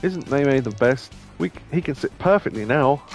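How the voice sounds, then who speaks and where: A man's voice: mid-range voice, animated, moderate pace, faint music behind, lightly acted. A man reading the lines of an eager young child in a game, earnest and pleading.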